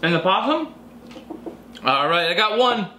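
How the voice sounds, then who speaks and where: A man's voice: high-pitched, very animated, a little slow, pushed and bright. Man, survival vlog host, playful teasing chat, echoey room, faint background hiss. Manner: playful and teasing, laughs often. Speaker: survival vlogger and channel host. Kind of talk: casual family chat to camera. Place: family home, indoors at lunch table.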